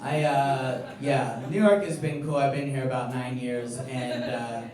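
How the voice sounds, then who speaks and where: A young adult man doing a stand-up set, ranting and swearing, building to loud indignant outbursts. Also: medium pitch, steady tone, measured pace. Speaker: stand-up comedian. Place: comedy club stage. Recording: echoey room, far from mic, crowd laughing.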